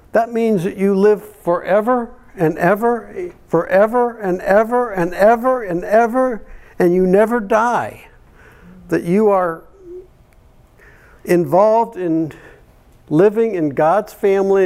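An older man preaching a sermon, telling homely family stories and chuckling softly now and then. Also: sits high. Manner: homely anecdotes with frequent soft chuckles. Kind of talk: storytelling sermon.

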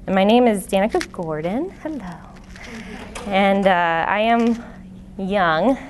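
Expressive and slow, this woman's mid-range voice carries an earnest, conversational testimony teaching to a live church audience. A lay speaker in her late twenties, she uses many fillers and restarts; a handheld or stand mic captures her with slight background noise.

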